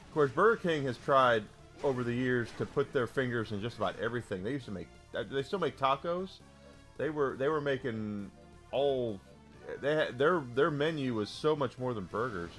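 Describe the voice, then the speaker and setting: Male streamer, mid-pitched, rambling casual chat, faint game music underneath. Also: lively intonation, normal speed, a bit bright. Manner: rambling, restarts, heated about sports.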